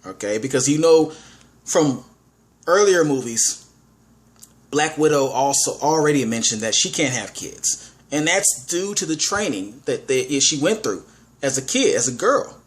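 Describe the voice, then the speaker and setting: A man's voice: mid-range voice, lively intonation, measured pace. A man giving a casual spoken movie review, enthusiastic, often restarting his words and saying "all right".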